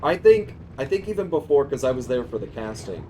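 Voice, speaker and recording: A man's voice: medium pitch, very animated, a little fast, background noise. Chatty man streaming a game. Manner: rambling and chatty, laughs often. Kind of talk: casual chat while gaming. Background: game music.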